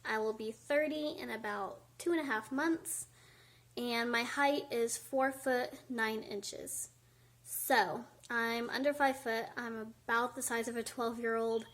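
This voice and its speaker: A woman chats candidly to her camera at home, her voice pitched a little high. She sounds slightly out of breath and fills her talk with casual "um"s. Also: unhurried, a bit bright. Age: 20s. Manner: chatty, candid, many fillers. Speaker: vlogger. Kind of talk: casual talking-head vlog. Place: indoors by a window at home.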